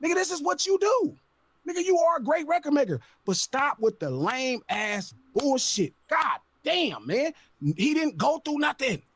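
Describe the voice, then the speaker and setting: A man's voice: extremely high pitch, sing-song, moderate pace, a bit bright, no room sound. A man on a podcast, ranting with profanity and exasperation. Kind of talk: heated podcast rant.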